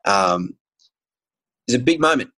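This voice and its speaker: A man's voice: mid-range voice, animated, moderate pace, bright, forceful tone, poor audio. A man, a guest telling a personal story in casual conversation, earnest and candid, with frequent ums and restarts. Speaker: guest sharing his story.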